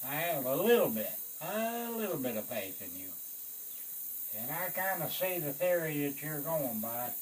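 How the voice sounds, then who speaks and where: A man, a Vietnam veteran, telling a war story in an animated way, swearing and acting out the voices of others. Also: on the high side, moderate pace, a little hiss or hum, low-quality recording. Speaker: Vietnam veteran recounting service.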